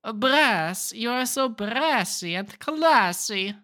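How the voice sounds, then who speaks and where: A woman's voice: fairly high pitch, lively intonation, slow pace, bright, forceful tone, no room sound, studio quality, voice pushed up, heavily acted. A woman putting on a flirty, exaggerated mock European accent for a joke.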